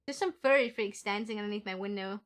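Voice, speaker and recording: A woman's voice: mid-range voice, fast. A young woman streaming a game, chatting in a bubbly, giggly way with her viewers. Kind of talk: casual live-stream chat.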